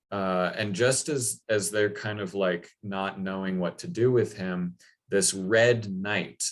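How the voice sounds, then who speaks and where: A man retelling a legend in a loose, chatty talk, full of fillers. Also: deep voice. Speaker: speaker. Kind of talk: casual storytelling talk.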